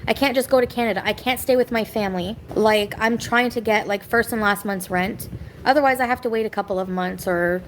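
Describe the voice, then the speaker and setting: A woman's voice: mid-range voice, brisk, a little hiss or hum, poor audio. A woman venting on a live stream from her home, rambling and bitter, snapping back at people in the chat. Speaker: livestreamer. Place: home kitchen.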